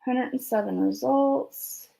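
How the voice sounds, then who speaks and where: A woman's voice: on the high side, slow pace, vocal fry, mellow. A woman co-hosting a casual live stream, chatty and apologizing to viewers while they wait. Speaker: co-host.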